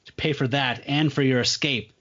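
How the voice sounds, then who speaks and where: A man's voice: mid-range voice, moderate pace, a bit bright, dull audio, natural voice. A man voicing a sinister, gloating male villain from a comic, with taunting questions.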